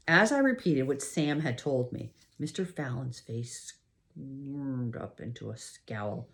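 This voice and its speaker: A woman narrating a novel in the first person at a measured, steady pace. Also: very deep voice. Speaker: audiobook narrator.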